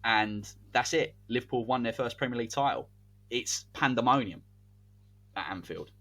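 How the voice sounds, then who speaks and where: A man co-hosting a podcast, telling a made-up sports story in animated, commentary-like casual chat. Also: mid-range voice, moderate pace. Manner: animated, spins a hypothetical tale like match commentary. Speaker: podcast co-host.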